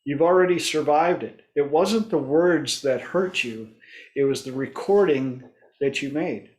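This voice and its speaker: Hosting a casual group discussion, a man tells stories and acts out the voices of his clients. He speaks at a measured pace in a somewhat high, slightly mellow voice.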